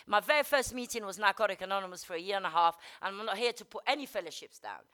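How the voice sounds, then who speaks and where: A woman's voice: medium pitch, clear, resonant tone. A woman giving a blunt, candid personal recovery testimony, swearing freely and dropping many "you know"s. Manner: fast and energetic, rising and falling in loudness. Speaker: speaker sharing at a recovery meeting.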